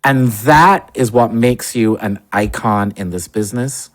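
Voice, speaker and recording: A man hosts a podcast with a mid-pitched voice. He talks in a flamboyant, sassy way and cusses playfully. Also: unhurried. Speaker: podcast host. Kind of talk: casual podcast conversation.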